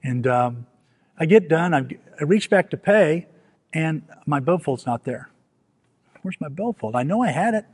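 A man preaching a storytelling sermon, animated and self-mocking, acting out the scenes he recounts. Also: fairly high pitch, unhurried, husky. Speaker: pastor. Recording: long hall reverb.

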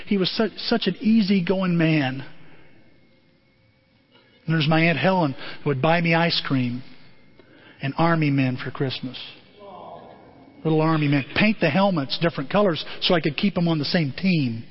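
A man giving a lively motivational talk to a group, calling on listeners by name. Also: fairly high pitch, normal speed, long pauses, muffled recording. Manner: animated, addresses listeners by name.

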